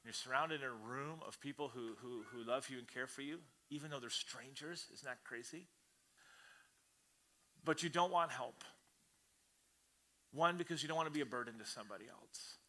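A man preaching a sermon to his church congregation in an animated, conversational way, often acting out the voices he quotes. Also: medium pitch, moderate pace, long pauses. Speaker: pastor. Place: church service before a congregation.

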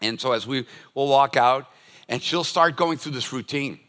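A man's voice: medium pitch, normal speed, fairly bright tone, smooth. An older man preaching a sermon as a pastor, telling stories and acting out everyday scenes. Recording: long reverb of a large hall.

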